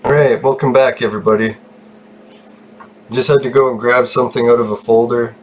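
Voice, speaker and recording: A man chats casually as he hosts his own gaming channel, rambling and swearing freely with frequent laughs. His voice sits at an ordinary middle pitch. A faint hiss runs under the recording. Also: steady tone, brisk. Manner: chatty, swears a lot, laughs often. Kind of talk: casual gameplay commentary.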